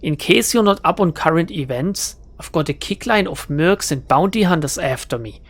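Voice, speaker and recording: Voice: medium pitch, sing-song, moderate pace, husky. A streamer putting on a bitter young hacker woman with a German accent. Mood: snippy. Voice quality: shaky put-on German accent. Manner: curt and sharp. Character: bitter female hacker in her twenties, weary. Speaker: game character read aloud. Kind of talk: reading game dialogue aloud.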